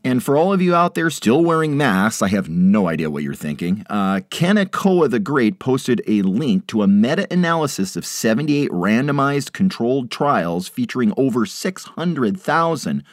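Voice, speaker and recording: Sarcastic podcast host with a lively voice. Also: male voice, normal speed, hardly any pauses, dry recording, clean studio sound. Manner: sarcastic asides, drops voice low after quotes. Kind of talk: reading and commenting on quotes.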